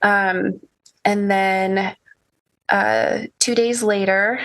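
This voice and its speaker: A young woman speaks slowly about a painful personal time, with a gravelly fry that runs under her words. She stops and starts again often and breaks into soft, nervous laughs. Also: medium pitch, steady tone. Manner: halting, many restarts and soft laughs. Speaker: podcast guest. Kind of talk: emotional personal storytelling.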